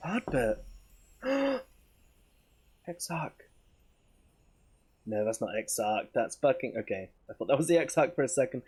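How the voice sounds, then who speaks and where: A young man streaming a game, chatting casually with viewers, excitable and swearing freely. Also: medium pitch, normal speed, breathy edge. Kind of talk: casual live-stream chat while gaming. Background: game music.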